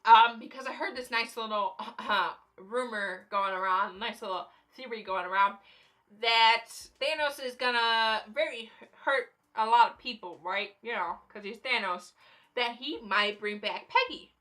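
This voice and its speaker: A woman's voice: fairly high pitch, unhurried, pushed and bright. A young woman vlogging casual movie commentary, chatty and playfully sarcastic. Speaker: YouTube vlogger.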